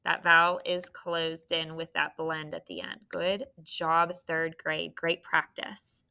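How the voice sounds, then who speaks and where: Slow, bright-voiced woman teaching phonics. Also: low voice, creaky. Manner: slow, encouraging, spells out letters. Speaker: third grade teacher. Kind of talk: phonics lesson to young students.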